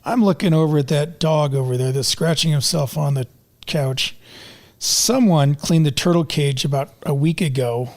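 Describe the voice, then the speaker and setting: A man's voice: fairly high pitch, moderate pace. A man guesting on a podcast, joining in with casual chat and dry, teasing humor. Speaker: guest husband.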